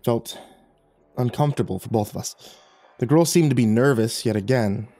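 Mellow-voiced man narrating horror stories. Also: medium pitch, normal speed, no echo. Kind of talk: dramatic horror storytelling.

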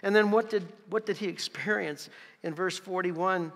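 A man's voice: sits high, normal speed, a bit bright, in a large hall. A man preaching a sermon as pastor, reading scripture with emphatic, dramatic delivery. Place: church sanctuary.

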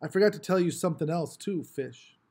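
Man voicing a swaggering teenage bully, slangy taunts, fairly high voice. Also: fairly quick, dark tone, slightly rough. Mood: taunting.

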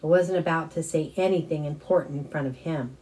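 Woman reading a chapter book out loud, warm low voice, expressive. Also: fairly quick, rough recording. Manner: expressive first-person narration. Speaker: audiobook reader. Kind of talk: storybook reading.

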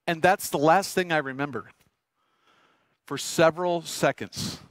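Animated middle-aged pastor telling a story. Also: male voice, a little high, unhurried, very noisy. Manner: animated storyteller, asks the congregation questions. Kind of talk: sermon with personal story. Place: church sanctuary.

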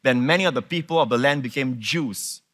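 Male pastor, bright clear voice, lively emphatic sermon delivery, mid pitch. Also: fairly quick. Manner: animated, emphatic preaching with repeated words and questions to the congregation.

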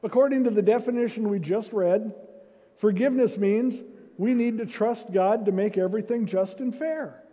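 At a moderate pace, a high-pitched man with a dark tone delivers a sermon. He serves as senior pastor and speaks in a conversational manner with self-deprecating humor, recorded in a reverberant church sanctuary.

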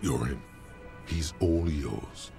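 An actor voicing a dry, knowing male narrator in a game, slow and measured, with a deep gravelly voice. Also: animated, heavily acted. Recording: game audio with music behind. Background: music.

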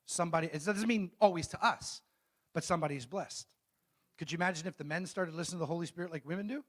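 A middle-aged male pastor delivering a sermon, his voice pitched a touch high for a man. He throws questions out to the congregation and waits for replies. When he reads scripture, he slows down and leans hard on each phrase. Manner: call-and-response preaching, asks the congregation questions; reads scripture slowly and emphatically.

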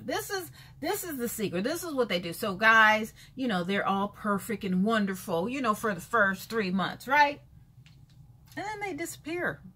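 A woman talks straight to camera in a casual vlog, frank and emphatic, hammering points home by repeating them. Her voice sits high and swoops widely, with a bright edge and a husky grain underneath. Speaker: vlogger.

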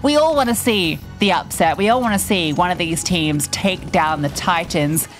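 A woman commentating an esports match, teasing her co-caster between lively play-by-play calls. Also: fairly low pitch, normal speed, soft background music.

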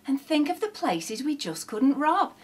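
A woman voicing a cheerful, clumsy male robber dog in a children's storybook reading, with a high, eager voice. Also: very animated, measured pace.

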